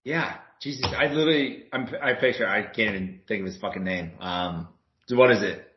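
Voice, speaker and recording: A Milwaukee man co-hosts a casual sports podcast, talking briskly in a fairly low voice. He swears, laughs a lot and fumbles for names, all captured in dull lo-fi podcast audio.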